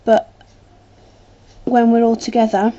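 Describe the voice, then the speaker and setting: A chatty British woman talks straight to her webcam, wandering through her thoughts with frequent ums. Her voice sits a bit high but sounds soft and mellow. The recording is dull and lo-fi. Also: monotone, slow pace. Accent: British English. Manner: rambling, chatty, lots of ums. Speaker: vlogger. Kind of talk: casual chat to camera.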